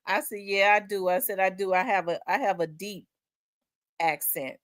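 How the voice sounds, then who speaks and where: A woman with a Memphis Southern accent, hosting a livestream in casual chat, rambling and repeating herself and quick to laugh while she reads viewer comments. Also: mid-range voice, steady tone, fairly bright tone, no echo, studio quality. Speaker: livestream host.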